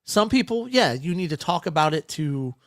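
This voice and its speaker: A man's voice: fairly high pitch, big pitch swings, moderate pace, a bit bright, no room sound. Rambling man, dry close mic. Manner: rambling, self-interrupting storyteller. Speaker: podcast co-host. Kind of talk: casual chat over beers.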